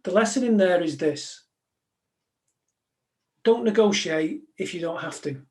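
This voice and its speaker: A man's voice: sits high, lively intonation, measured pace, darkish tone. A man, a former police negotiator, giving a live talk to an audience in a direct, conversational way, full of anecdotes.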